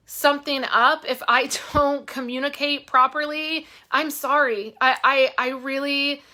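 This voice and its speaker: Bright-voiced woman chatting on a craft stream. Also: high voice, fairly even intonation, measured pace. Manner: candid, heartfelt, rambling with fillers. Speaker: craft channel host. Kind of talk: casual live-stream chat. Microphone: phone.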